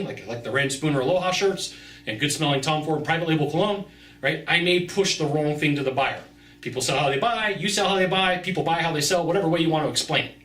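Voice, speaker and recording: A man's voice: a little high, fairly bright tone, roomy sound, distant mic. A man giving brash, emphatic sales advice straight to the viewer in a vlog. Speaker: sales consultant. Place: outdoors.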